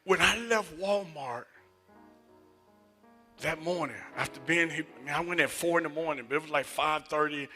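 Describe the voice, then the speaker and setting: A man preaching a sermon and telling personal stories, moving between loud emphatic passages and hushed near-whispers. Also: a little high, normal speed, long pauses, soft background music. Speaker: associate minister. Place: church sanctuary.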